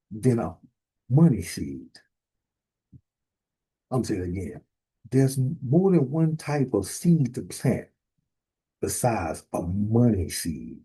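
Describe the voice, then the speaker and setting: Gravelly, husky man. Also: medium pitch, mellow, rough recording. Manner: emphatic, rising to bursts of force. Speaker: minister. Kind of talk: preaching sermon.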